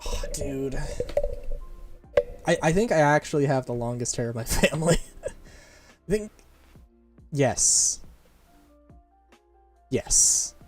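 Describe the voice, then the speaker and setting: Playing a game on stream, this voice actor and streamer talks loosely, restarting thoughts and laughing along the way. The voice is medium-pitched and expressive at a moderate pace, pausing often. Quiet game music and keyboard clicks play underneath.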